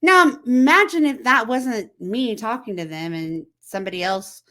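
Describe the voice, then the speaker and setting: With a slightly high, bright, forceful voice and lively intonation at a normal speed, a woman hosts a casual chat to camera. She chats conversationally, asks the viewer things, and acts out texts in quoted voices.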